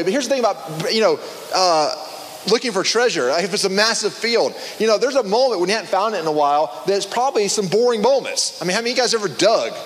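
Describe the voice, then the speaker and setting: A man preaching a casual sermon to a small group, conversational and animated, with frequent restarts and fillers. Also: high-pitched, in a large hall.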